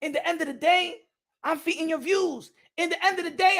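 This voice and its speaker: Caribbean-born guy with a high voice going off on a blunt rant, repeats himself a lot, cusses, drops spanish words. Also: a little fast, vocal fry, fairly bright tone. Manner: blunt, repetitive, heated, swearing; drops Spanish phrases into English. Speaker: boxing channel host. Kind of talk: opinionated rant to camera.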